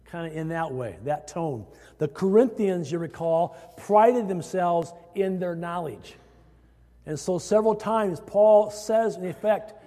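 The Iowa pastor here has a high, warm voice and speaks a little slowly as he preaches his sermon. His voice rises as he emphasizes phrases for the congregation, with hall reverb from the church sanctuary.

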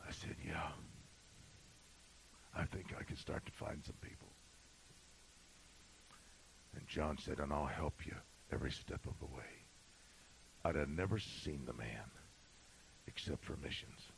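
A middle-aged male pastor telling a story in a sermon, swinging from shouting to a hushed whisper. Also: extremely low pitch, measured pace, creaky, long pauses, a little hiss or hum, rough recording.

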